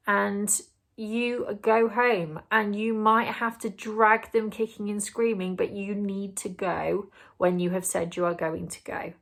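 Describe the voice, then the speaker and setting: A parenting vlogger speaks to camera with earnest, explanatory advice, sometimes acting out what a parent or child might say. Her voice is medium in pitch and fairly bright, with vocal fry.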